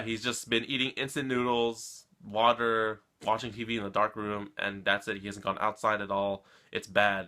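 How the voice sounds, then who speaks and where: A man's voice: lowish voice, bright, forceful tone. A man hosting an anime reaction channel, recapping an episode in a casual, emotional and rambling way, often turning to his viewers. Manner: emotional, rambling, keeps addressing viewers with "guys" and "come on".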